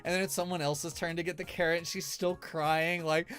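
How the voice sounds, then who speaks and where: A man's voice: on the high side, flat delivery, brisk, few pauses, a bit bright, soft background music. Rambling, laughing male streamer. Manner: rambling, laughs often, many fillers. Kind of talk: casual tier-list commentary.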